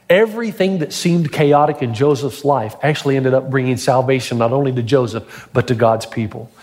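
A man's voice: fairly high pitch, darkish tone. A middle-aged man preaching a sermon as pastor, telling stories with dramatic build-ups.

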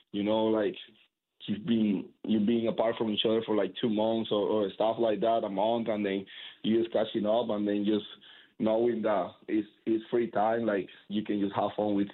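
A man, a baseball pitcher whose first language is Spanish, talking in a casual interview with energetic, rambling speech full of fillers and restarts. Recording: tinny phone-like line.

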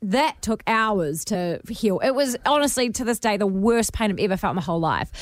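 A young woman, co-hosting a radio show and telling a story in a lively, animated way. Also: mid-range voice, moderate pace. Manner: animated storytelling, acts out her own screams. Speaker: radio co-host. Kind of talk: casual radio chat.

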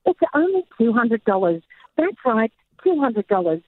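Woman caller, polished announcer delivery, husky, tinny phone line. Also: a little high, very animated, moderate pace, dry recording. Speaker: caller, flight attendant. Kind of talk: phone-in caller doing a recorded-message voice.

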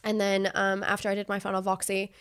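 A young woman from Australia shares a painful story as a podcast guest, speaking candidly and emotionally. She swears freely and slips into quoted voices as she retells what others said. Her pitch sits in an ordinary middle range for a woman. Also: monotone, fast, a bit bright, clear, resonant tone.

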